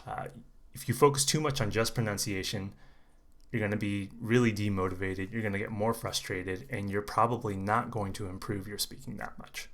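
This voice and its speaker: A man working as an English conversation coach, giving a relaxed, chatty, unedited pronunciation lesson to camera and repeating sounds slowly for learners. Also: medium pitch. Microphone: camera mic, unedited single take.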